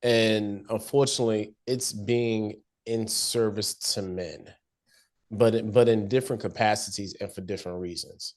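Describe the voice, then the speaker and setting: A man's voice: fairly low pitch, steady tone, moderate pace, darkish tone. A man in casual chat, recapping a TV episode in loose slang and acting out the characters' lines. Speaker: podcast co-host.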